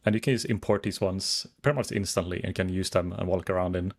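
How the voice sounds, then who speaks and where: A man's voice: sits low, fairly even intonation, fast. A man chatting casually to his viewers while streaming a game, rambling as he browses and reads chat.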